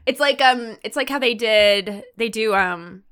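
A woman's voice: a little high, a little slow, fairly bright tone, clean tone. A woman co-hosting a podcast, recapping a TV episode in casual chat, rambling with lots of "like" fillers and frequent laughs. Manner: chatty, rambling with many "like" fillers, laughs often. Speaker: podcast co-host.

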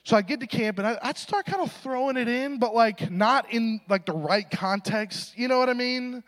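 A man's voice: extremely high pitch, moderate pace, a bit bright. A young adult man giving a sermon, telling a funny story and acting out voices in a self-deprecating way. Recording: reverberant hall recording.

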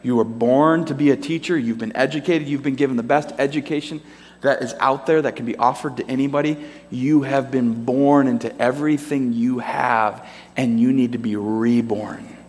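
Guy preaching, lively storytelling, doing little voices, long echo of a big hall. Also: mid-range voice, normal speed. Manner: animated storytelling, acts out characters in voices. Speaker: pastor. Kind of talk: sermon. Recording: long reverb of a large hall.

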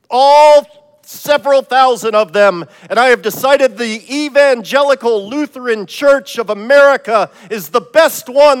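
A man doing a booming voice of God. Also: a bit bright, clean tone. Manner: slow, proclamatory. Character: booming, grand voice of God from heaven. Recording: long church reverb.

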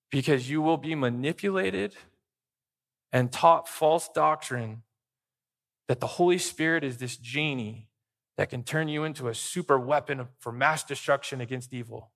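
A man's voice: medium pitch, creaky, a bit bright. A pastor preaching a sermon, stressing his points with repeated lists. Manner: emphatic preaching with list-like repetition.

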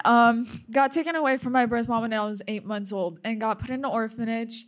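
A young woman from Russia, a native Russian speaker, shares a personal testimony with a group, nervous and halting. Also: on the high side. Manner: nervous and halting, with apologies and nervous laughter.

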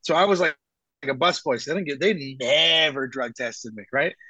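A man with a somewhat high voice rambling through casual stories as a podcast guest, acting out the people in them. The sound is dry and close. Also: normal speed, pushed and bright, no echo. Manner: rambling anecdotes with acted-out quotes. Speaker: comedian guest.

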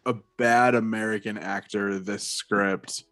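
A man's voice: fairly low pitch, slow, faint music behind. A man hosting a casual comedy chat, joking and now and then slipping into mock impressions. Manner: animated, jokey, drops into mock English voices. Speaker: podcast host.

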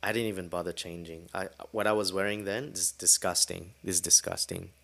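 A man hosting a solo podcast, telling a story in a casual, animated way and swearing freely. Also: deep voice, brisk, gravelly. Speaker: podcast host.

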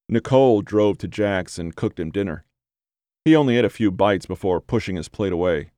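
A man with a fairly low voice reads a horror story in a measured, even way. The sound is dry and close, with no room echo. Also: clean tone. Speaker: narrator. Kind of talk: horror audiobook reading.

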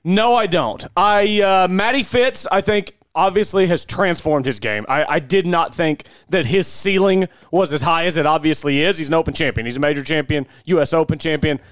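High-voiced man giving golf takes. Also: fairly bright tone, clear, resonant tone, no echo. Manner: reactive, quick to exclaim. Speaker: podcast co-host. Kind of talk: casual chat.

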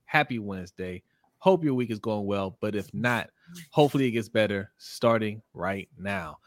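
A man with a lowish voice co-hosts a sports livestream at normal speed, animatedly reading viewer comments aloud, greeting each person by name, and laughing often. The sound is clean studio quality with no room sound.

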